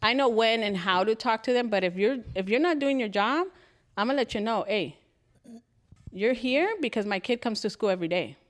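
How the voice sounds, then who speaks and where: A woman's voice: a little high, lively intonation, fairly quick. A woman co-hosting a podcast in casual chat, telling parenting stories in a blunt, heated way with plenty of cussing. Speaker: podcast co-host.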